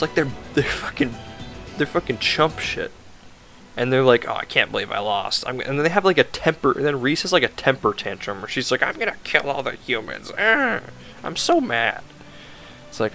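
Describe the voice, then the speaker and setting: A man's voice: mid-range voice, fairly bright tone. A man giving a rambling, sarcastic, casual game review, swearing often and filling his talk with "like".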